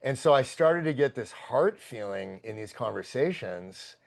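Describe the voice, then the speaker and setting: Gravelly-voiced man telling a story. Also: mid-range voice, a little slow. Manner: profane, excitable, rambling. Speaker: podcast guest. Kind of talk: casual storytelling.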